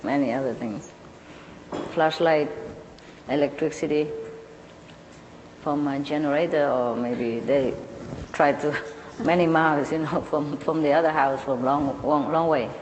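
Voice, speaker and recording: A woman's voice: sits low, measured pace, long pauses, darkish tone, in a large hall, muffled recording, slight background noise. Chatty woman storyteller who laughs often. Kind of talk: casual anecdote telling.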